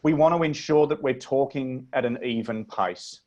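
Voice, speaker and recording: A man with an Australian accent coaching a webinar on speech over a video call, talking in a measured, deliberate way and demonstrating inflections. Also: mid-range voice, a little mellow, lo-fi sound. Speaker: presentation coach. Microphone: computer mic on a video call.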